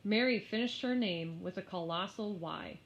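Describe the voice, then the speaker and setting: A woman narrating a children's story aloud in an expressive, unhurried way. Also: medium pitch. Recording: slightly muffled lo-fi.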